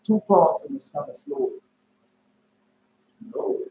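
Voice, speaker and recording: A man preaching in an informal, emphatic way, repeating his phrases and breaking into sudden high shouts. His voice sits a little high for a man. The recording is roomy and echoey, with a faint hiss underneath. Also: big pitch swings, slow pace. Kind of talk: informal sermon and dream telling. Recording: echoey room with faint noise.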